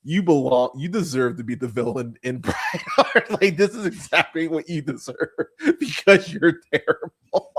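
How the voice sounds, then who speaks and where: A man hosting a casual movie podcast, rambling and swearing freely, full of fillers and restarts, and turning animated when he mocks what he saw. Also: on the high side, moderate pace, husky. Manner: animated when mocking characters. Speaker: podcast host. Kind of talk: casual movie review chat.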